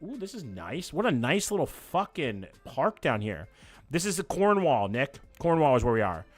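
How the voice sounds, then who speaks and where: A man, chatting casually and quickly as he reacts to places live on stream and talks to his chat. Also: fairly high pitch, big pitch swings, soft background music. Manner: fast, casual, swears freely.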